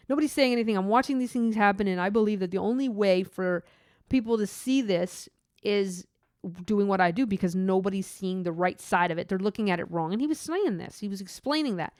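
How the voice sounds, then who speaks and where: Middle-aged woman, mid pitch, earnest off-the-cuff reflection with many restarts, dry close recording. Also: darkish tone, no room sound. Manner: earnest, rambling, with frequent restarts. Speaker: christian vlogger. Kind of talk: unscripted spoken reflection.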